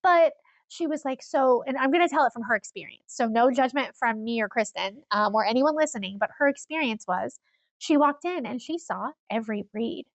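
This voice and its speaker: A woman co-hosting a casual chat podcast, telling stories with animated energy and frequent laughs. Her voice is a little high with a gravelly edge. The sound is dry and close. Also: brisk, no room sound. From Iowa. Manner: animated storyteller, laughs often, acts out quoted people. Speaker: podcast co-host.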